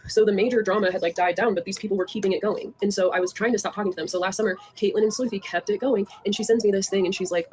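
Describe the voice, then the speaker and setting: A woman's voice: mid-range voice, steady tone, quick pace, darkish tone, slight background noise. A young woman in a heated, profane, rambling rant, addressing her viewers directly and confronting people. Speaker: online creator talking to viewers.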